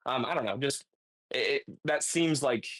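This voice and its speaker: Guy asking a rambly question, bright tense voice. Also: medium pitch, normal speed. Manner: rambling with many likes. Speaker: questioner on a panel. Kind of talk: casual question.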